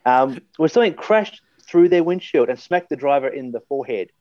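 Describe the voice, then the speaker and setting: A man's voice: medium pitch, expressive, a little fast, dark tone, no room sound, muffled recording. A man with an Australian accent co-hosting a podcast, reading odd news stories, laughing often and cracking crude jokes and puns. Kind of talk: casual chat.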